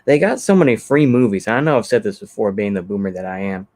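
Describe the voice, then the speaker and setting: Rambling man, low voice. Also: animated, quick pace, darkish tone. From Texas. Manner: rambling, easygoing, thinking aloud with many fillers. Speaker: channel host. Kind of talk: casual livestream chat reading comments.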